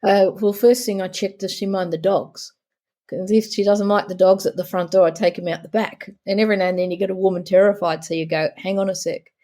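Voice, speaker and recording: A woman's voice: medium pitch, steady tone, brisk, dark tone. A middle-aged woman, a guest on a podcast interview, telling stories about her work and acting out her talks with clients. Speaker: guest, pelvic therapist.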